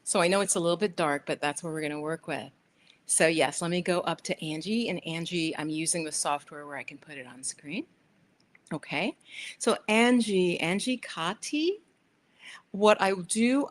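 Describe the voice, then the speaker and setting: A middle-aged woman chats her way through a relaxed livestream from her living room sofa, her voice sitting a little low. She rambles warmly to viewers between card pulls, and a faint room hum sits behind her laptop mic. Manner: chatty, rambling, talks to her dog and viewers. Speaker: livestream host giving tarot readings. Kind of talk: casual livestream chat.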